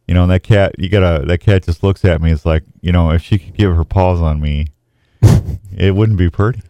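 Deep-voiced radio host. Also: male voice, steady tone, moderate pace, dark tone, dry recording. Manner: folksy, rambling, emotional. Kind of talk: casual radio talk.

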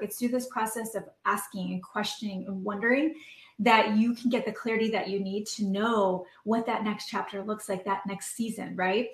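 A woman's voice: medium pitch, vocal fry. A woman in her thirties giving a heartfelt motivational talk as a podcast host and coach, earnest and emotional, with many fillers. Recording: roomy echo.

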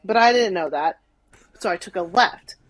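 A young woman tells a story as a podcast guest. Her casual talk is animated and full of "like", and she acts out what people said. Her voice sits at a middling pitch. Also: moderate pace, no echo, poor audio. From Arkansas, USA. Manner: animated, many "like"s, acts out quotes.

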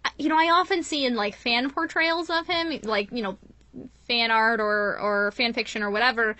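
A woman's voice: fairly high pitch, moderate pace, bright, forceful tone, no room sound. A woman in casual podcast chat, enthusiastic and laughing often as she retells scenes. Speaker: podcast co-host.

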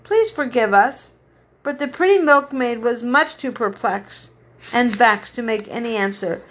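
A woman's voice: on the high side, normal speed, fairly bright tone. A woman reading a children's story aloud, unpolished, going back to fix slips and restart lines. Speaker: reader.

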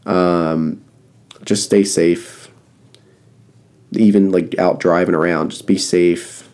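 A man with a deep, warm, mellow voice hosts his podcast alone, close to the mic. He sounds congested and rambles in a flat monotone, full of ums and repeated advice. His tone stays casual and plain. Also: takes it slowly. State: congested and coughing. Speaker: podcast host. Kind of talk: casual solo podcast talk.

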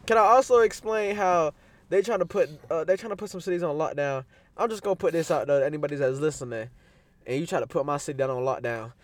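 A man's voice: on the high side, fast talker, no echo. A young man in casual chat, telling stories in heavy slang with lots of swearing. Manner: slangy, profane, storytelling.

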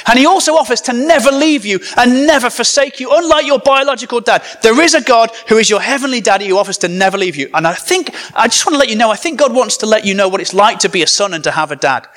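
High-voiced preacher, chatty. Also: male voice, expressive, fast talker, few pauses, fairly bright tone. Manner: conversational, jokey asides. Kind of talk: sermon with comic storytelling.

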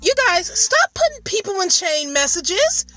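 A woman's voice: very high voice, sing-song, measured pace, crowd noise. A middle-aged woman co-hosting a podcast in casual chat, telling stories expressively with dramatic shrieks. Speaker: podcast co-host.

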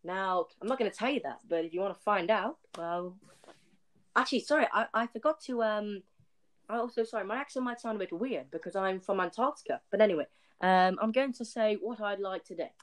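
A man voicing an overeager male inventor who pitches his gadget in a rambling way and keeps repeating "innovative". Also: brisk, lightly acted.

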